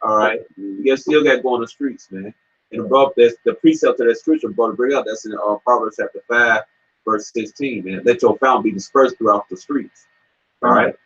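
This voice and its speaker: A man preaching heatedly in a scripture discussion, profane and stammering, with a husky voice. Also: medium pitch, brisk, a bit bright. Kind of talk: heated street preaching chat. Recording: dull lo-fi sound.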